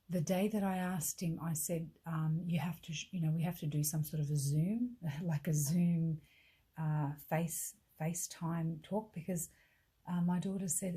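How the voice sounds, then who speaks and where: A middle-aged woman tells her own story casually, in halting speech full of restarts, quoting people and often dropping to a whisper. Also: fairly low pitch, warm tone, husky.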